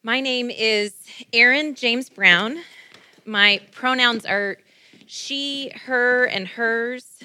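Bright-voiced woman pastor preaching. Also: fairly high pitch, very slow, smooth, no room sound. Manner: playful, conversational preaching. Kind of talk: sermon. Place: church.

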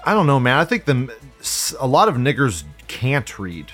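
A man's voice: mid-range voice, very animated, normal speed, fairly bright tone, faint music behind. A man hosting a live stream, ranting casually in a profane, sardonic way and laughing often. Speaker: live-stream host reading viewer comments.

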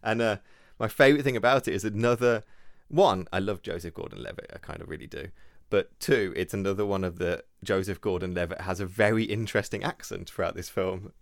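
A man, chatting casually and telling rambling, animated stories as a podcast co-host. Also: low voice, brisk, gravelly, hardly any pauses, no echo, studio quality. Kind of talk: casual chat.

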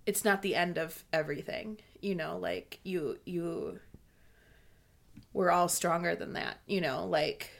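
A woman's voice: on the low side, unhurried, gravelly. A young woman co-hosting a casual book discussion, bubbly and laughing often as she reads passages aloud. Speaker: podcast co-host.

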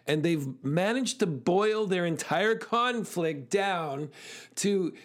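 A man with a slightly raised voice gives a motivational talk. He tells stories animatedly, rushing through phrases with frequent fillers and restarts. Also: high voice. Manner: animated storyteller, fast bursts, frequent fillers. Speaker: speaker.

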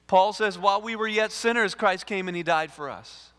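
A male lead pastor, preaching a sermon in an animated way, repeating words and acting out dialogue. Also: sits high, moderate pace. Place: church sanctuary. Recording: reverberant church hall.

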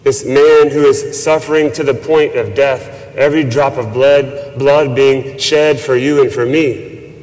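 A man preaching a sermon as a priest, slow and measured with reverent emphasis. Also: medium pitch, steady tone, a little mellow. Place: church. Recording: long church reverb.

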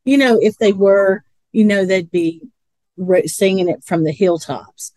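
A chatty woman rambles through stories on a podcast and laughs often, her pitch in an ordinary middle range. The voice sounds dry and close, with no room around it. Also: measured pace, warm tone, dry recording. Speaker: podcast co-host. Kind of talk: casual chat.

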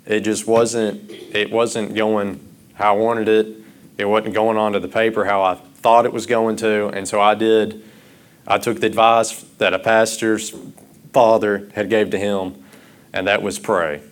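A man preaching a sermon, starting out halting and rambling, then growing louder and impassioned. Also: fairly low pitch, flat delivery.

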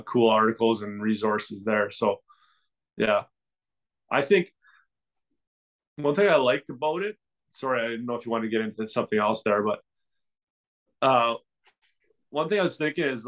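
A man's voice: medium pitch, a bit bright. A man co-hosting a podcast in casual chat, rambling along with frequent restarts and filler words. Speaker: podcast co-host.

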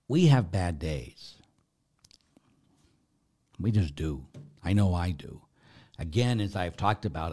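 A middle-aged man, a Catholic priest, giving candid advice and telling stories in a casual talk. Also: low voice. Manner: candid storytelling, animated when quoting others.

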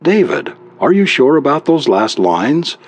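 A man voicing a fussy, doting older wife, warm and sighing, with a pleading, apologetic manner. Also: on the high side, big pitch swings, unhurried, pitched above the performer's own voice.

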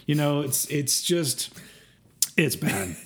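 Animated, exasperated ranting man. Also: fairly high pitch, takes it slowly. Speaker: podcast co-host. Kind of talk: casual music review chat.

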